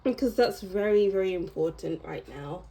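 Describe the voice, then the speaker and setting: A woman's voice: fairly low pitch, expressive, normal speed, creaky, mellow, rough recording. A woman giving a casual tarot reading to camera, chatty and meandering, with small laughs as she goes. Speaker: tarot reader.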